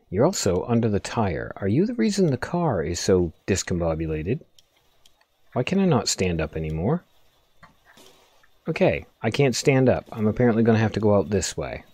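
An excitable man commentating a video game in a lower, mellow voice. His pitch swings widely as he swears and scolds the game's objects. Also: husky, no room sound. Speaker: gaming video host. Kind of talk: let's play commentary.

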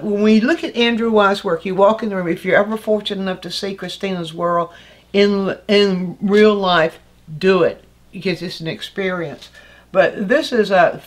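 Older woman teaching art, chatty and unhurried. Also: medium pitch. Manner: thoughtful, conversational with many fillers and restarts. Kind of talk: casual art lesson.

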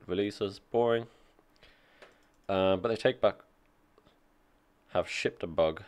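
A man with a low voice reads a technical article aloud and reacts as he goes. His remarks are casual and dry, mixing quick asides with plain reading. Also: a little mellow. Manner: reads aloud and comments offhandedly, dry jokes. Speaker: tech streamer reacting to an article.

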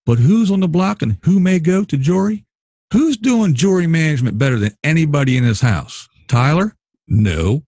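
A man talking through a casual show recap with a lively, swooping delivery. His voice is husky and a little rough, and the room sounds dry. He slips into other people's voices to act out what they said. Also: medium pitch, no echo. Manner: animated, acts out houseguests' lines. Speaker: show host. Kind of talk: casual commentary chat.

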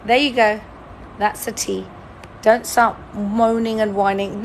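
A woman's voice: mid-range voice, fairly even intonation, slow, a little hiss or hum. A woman, hosting a live-stream word-guessing game in a chatty, teasing, playfully dramatic way. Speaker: livestream host.

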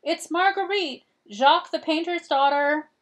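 A woman's voice: mid-range voice, sing-song, unhurried, a little mellow, breathy edge. A woman reading the part of a determined young girl, earnest and firm, in a storybook read-aloud. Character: determined young medieval girl, painter's daughter.

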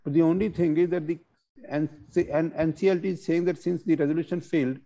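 A man's voice: on the high side, fairly even intonation, fairly quick, mellow, lo-fi sound. Man explaining court rulings, hesitant. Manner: hesitant, many fillers, reads out case text. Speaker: webinar presenter. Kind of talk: explaining legal judgments in a webinar.

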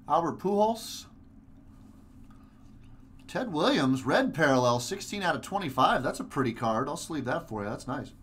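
A man's voice: on the high side, fairly bright tone, slight background noise. A man hosting a live card-break stream, giving chatty, upbeat commentary as he opens packs. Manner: chatty, upbeat, many fillers.

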